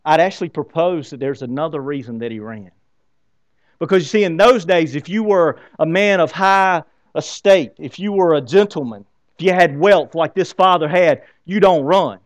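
A male pastor preaching a sermon in an animated way, often asking the congregation questions. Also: fairly high pitch, moderate pace, no room sound.

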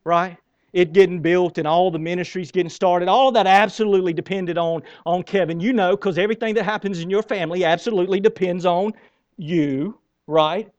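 High-voiced pastor, dry sound. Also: male voice, fairly quick, no echo, lo-fi sound. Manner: conversational and animated, repeats words, asks the crowd questions. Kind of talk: sermon.

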